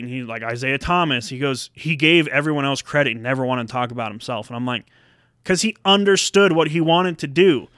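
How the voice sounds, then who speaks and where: A man co-hosting a casual sports chat, animated and swearing freely as he acts out what players said. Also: mid-range voice, fast talker, no echo, clean studio sound. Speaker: podcast co-host.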